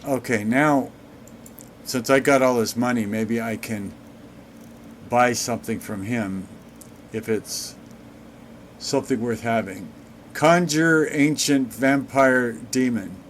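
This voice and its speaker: A man giving sarcastic, deadpan commentary while playing a video game. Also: mid-range voice, takes it slowly, pauses often, a little hiss or hum. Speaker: let's play gamer. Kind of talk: gameplay commentary.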